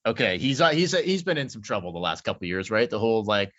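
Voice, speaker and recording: A man's voice: fairly low pitch, sing-song, fast talker, fairly bright tone. Man, casual sports podcast host, rambling, swears a lot, slightly muffled lo-fi sound. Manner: loose, rambling, swears freely. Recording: slightly dull lo-fi audio.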